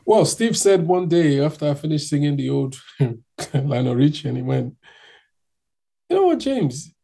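A man's voice: a little high, steady tone, moderate pace, vocal fry, dark tone. A man from Nigeria telling his own story in casual chat, acting out other people's voices as he goes.

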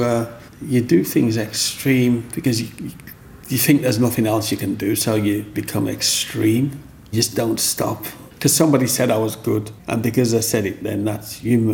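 Gravelly older man. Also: fairly low pitch, a little hiss or hum. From Black Country, England. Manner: rambling, animated, acts out voices. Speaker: interviewee. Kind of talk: storytelling interview.

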